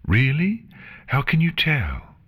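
Gentle, reassuring regal pony princess, a man doing the voice with a lively, raised pitch. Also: takes it slowly, slightly rough, lo-fi sound, heavily acted. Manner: warm, soothing, reassuring speech. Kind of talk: fan fiction reading.

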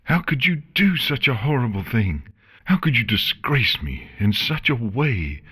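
A man voicing a proud, furious fallen insect queen from a fan storybook reading, shouting haughtily. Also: lowish voice, sing-song, slow pace, husky, no echo, voice pushed up, exaggerated voice. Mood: outraged.

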